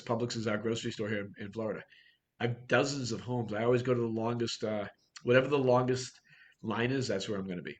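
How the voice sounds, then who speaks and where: A man coaching real estate agents in a workshop talk, blunt and direct, firing off rhetorical questions. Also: medium pitch.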